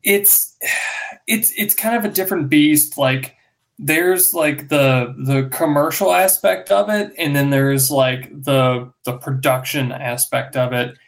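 A man on a casual podcast, explaining things haltingly with many fillers. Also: a little high, vocal fry. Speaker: podcast co-host. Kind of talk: casual chat.

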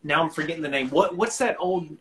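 Southern guy from alabama, relaxed rambly storyteller, lots of ums and restarts. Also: a little high, fairly quick, low-quality recording. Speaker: guest musician. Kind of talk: casual storytelling.

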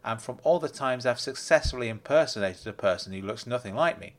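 A man voicing a calm older male con artist who explains things in a measured way. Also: mid-range voice, lightly acted. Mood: explaining.

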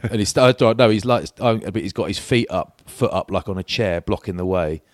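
A man co-hosting a podcast, telling a lively anecdote in casual chat and mimicking the people in it. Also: deep voice, moderate pace, no echo, studio quality. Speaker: podcast co-host.

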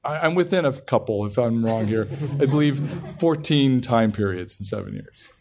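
A man's voice: medium pitch, lively intonation, normal speed, vocal fry, noisy background. Rambling male TV writer telling a story. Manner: rambling storytelling with frequent restarts. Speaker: television writer and show creator. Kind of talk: panel interview anecdote.

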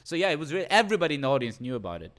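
A man's voice: on the high side, rapid-fire. A male comedian co-hosting a podcast in casual, swearing chat, acting out scenes as he tells stories. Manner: animated, swears a lot, acts out movie quotes.

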